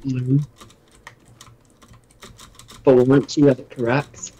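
A man making dry, deadpan put-downs while playing a game with a friend. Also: mid-range voice, takes it slowly, breathy edge. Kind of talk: casual gaming banter.

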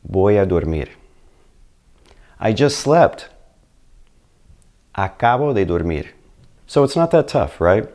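A man's voice: fairly low pitch, darkish tone. A man whose first language is English, teaching beginners in an upbeat video lesson and speaking straight to the learner. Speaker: Spanish teacher.

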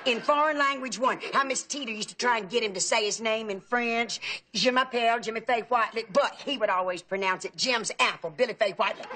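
A woman's voice: fairly high pitch, close to an everyday voice. A woman playing a gossipy aunt. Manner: chatty, fussy about pronunciation. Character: gossipy talkative Southern aunt, middle-aged. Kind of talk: sitcom acting. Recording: noisy old TV audio.

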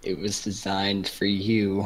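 A tabletop game player speaking in a quick, bossy manner. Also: low-pitched, completely flat delivery, low-quality recording.

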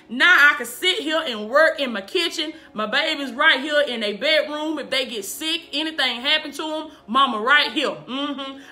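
A woman's voice: high-pitched, sharp tone. A woman life coach preaching casually to a live-stream audience from her home kitchen, fervent and repetitive, often laughing between praise calls. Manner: fervent, repeats praise calls and "do you understand me".

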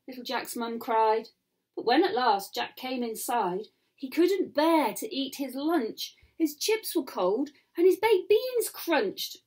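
A woman reading a rhyming picture book to children, with soft asides. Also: high voice, big pitch swings, a little slow.

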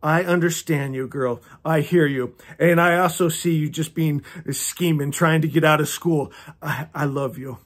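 High-voiced earnest man in his fifties. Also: fairly even intonation, unhurried. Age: 50s. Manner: impassioned, preachy, chuckles often. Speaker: YouTuber reading a novel aloud with commentary. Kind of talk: earnest read-along commentary.

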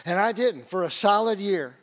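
High-voiced man telling a testimony sermon. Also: expressive, normal speed. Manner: storytelling with acted-out quotes and laughs. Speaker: guest preacher.

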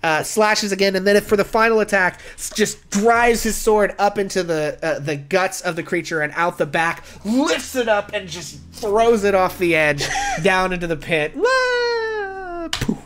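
Male game master, slightly high voice, loose narrating with lots of ums. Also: normal speed, noisy background. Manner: relaxed, with frequent fillers.

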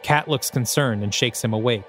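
A man's voice: medium pitch, normal speed, fairly bright tone, soft background music. A man, the host of a podcast, reading his own screenplay aloud with dramatic, descriptive present-tense narration.

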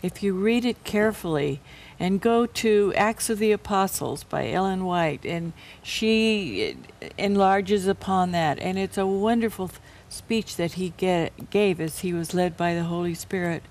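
A woman's voice: on the low side, a little slow, darkish tone. Older woman hosting a Bible panel. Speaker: host. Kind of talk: Bible study panel discussion.

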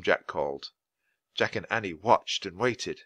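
A man reading a children's book aloud at a clear, natural pace for language learners. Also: low voice, expressive, bright, forceful tone, no echo. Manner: clear, deliberate storytelling for learners. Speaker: audiobook reader.

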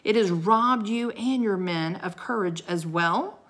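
A woman voicing a mocking armored male knight who booms his commands. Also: unhurried, fairly bright tone. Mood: booming. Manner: booming, commanding.

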